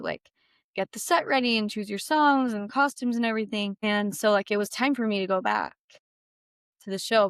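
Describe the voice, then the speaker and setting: Telling an interview-show host about a loss in her life, a young woman talks casually, peppering her speech with "like" and raising her pitch when she quotes herself. The sound is clean studio audio with a smooth voice and no room sound.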